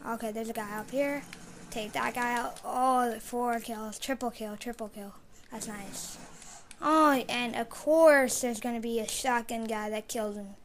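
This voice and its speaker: A woman giving live commentary while playing a shooter game, mostly muttering low with sudden loud outbursts. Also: a little slow, a little hiss or hum. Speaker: gamer streaming live play.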